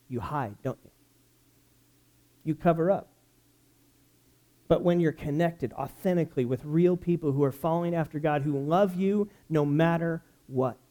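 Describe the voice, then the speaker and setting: Lively American pastor preaching a sermon. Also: male voice, on the high side, unhurried, long pauses. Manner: animated storytelling, rising loud when excited.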